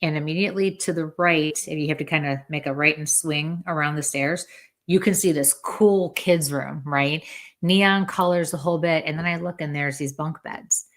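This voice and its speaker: A woman with a low, deep-set voice talks casually as a podcast guest. She is chatty and fills the story with little acted-out quotes, slipping into other people's voices as she goes. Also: steady tone, normal speed. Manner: chatty, acts out quoted dialogue. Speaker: psychic medium guest.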